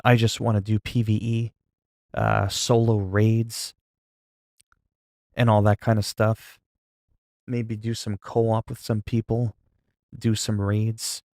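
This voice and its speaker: A man chatting casually with viewers on a live stream, calm and low-key, with a delivery some find sleepy. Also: no echo, studio quality. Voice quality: sleepy-sounding, flat delivery. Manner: low-key, calm and unhurried, not hyped. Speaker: livestreamer.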